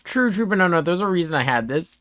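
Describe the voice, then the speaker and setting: A man running a tabletop game as game master, animated and loose, with laughter and swearing. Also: sits high, fast, dry recording, clean studio sound.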